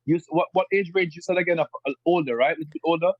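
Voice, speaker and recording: Jamaican guy chatting as a guest, lively, kinda higher voice, dry sound. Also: very fast, slightly rough, dry recording, highs cut off. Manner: animated, imitates dialects with lively pitch jumps. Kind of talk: conversational interview.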